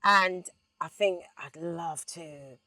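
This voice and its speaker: A middle-aged woman with a London accent, chatting as an interview guest inside a car, telling lively stories and breaking into snatches of song. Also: fairly low pitch, takes it slowly, no echo. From England. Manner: animated storyteller, sings snippets. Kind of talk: relaxed casual chat.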